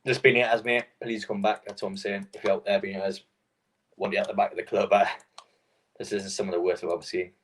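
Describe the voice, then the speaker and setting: A man's voice: fairly low pitch, flat delivery, fast, a little hiss or hum. A young man hosting a live football stream, rambling and swearing in frustration between fillers. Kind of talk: casual football watchalong chat.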